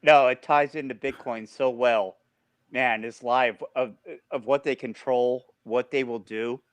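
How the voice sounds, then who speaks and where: A man hosting a casual podcast who talks in halting bursts, often restarting and swearing. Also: mid-range voice, steady tone. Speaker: podcast host.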